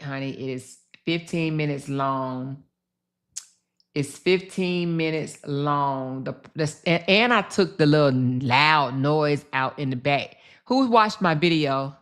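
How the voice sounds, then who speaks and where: A young woman with a low voice hosts a casual livestream, talking straight to her viewers and reacting to their comments. Her pitch leaps way up when she gets worked up, then drops back to her low, easy talk. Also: a little slow, smooth. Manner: chatty, addresses viewers directly, reads out chat; animated, jumps up sharply in pitch when excited. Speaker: livestream host.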